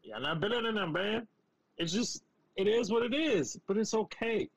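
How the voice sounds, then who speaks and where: A man co-hosting a casual sports podcast, teasing his co-host and slowing down to drive his points home. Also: high voice, animated, breathy edge, poor audio.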